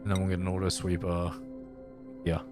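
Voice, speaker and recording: A man's voice: deep voice, completely flat delivery, a little fast, over music. A man casually live-streaming a game, thinking aloud as he builds and chatting playfully with his viewers.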